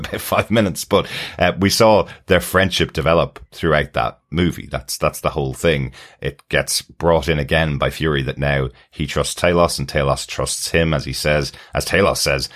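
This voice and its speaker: A man's voice: extremely low pitch, fairly bright tone. A man co-hosting a podcast, explaining at length in casual chat with frequent fillers. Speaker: podcast co-host.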